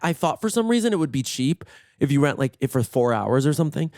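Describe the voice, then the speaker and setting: A man with a hoarse, worn-out voice tells stories in a chatty, gossipy way. He swears often and acts out what everyone said. The sound is dry and close, with almost no room echo. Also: on the high side, sing-song, fast, a little mellow. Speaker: podcast host. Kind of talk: casual solo storytelling. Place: in bed at home.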